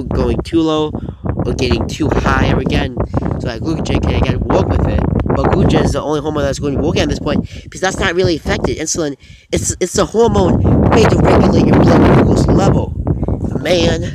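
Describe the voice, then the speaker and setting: Rambling profane young man outdoors. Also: on the high side. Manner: rambling, repetitive and profane, with stumbling restarts. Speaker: fitness vlogger. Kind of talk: rambling off-the-cuff vlog. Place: outdoors in a rural spot. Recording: loud outdoor background noise.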